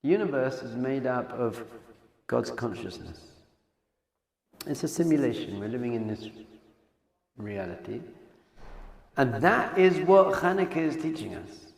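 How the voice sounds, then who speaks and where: A man, a rabbi, giving an animated Torah class, swinging between hushed lines and loud exclamations. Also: mid-range voice, unhurried, vocal fry, pauses often. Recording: echoey hall sound effect.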